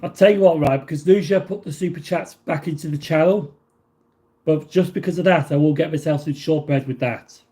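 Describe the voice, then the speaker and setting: Mellow-voiced man chatting on a livestream. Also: fairly high pitch, fairly quick. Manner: reads viewer messages aloud and answers them; rambling, with many fillers and restarts. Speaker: livestream host. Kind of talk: casual livestream chat.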